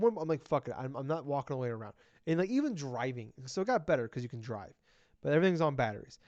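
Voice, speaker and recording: A man co-hosting a podcast, chatting casually and breaking into profane, animated rants. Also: medium pitch, no echo. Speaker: podcast co-host. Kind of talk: casual chat. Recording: dull lo-fi recording.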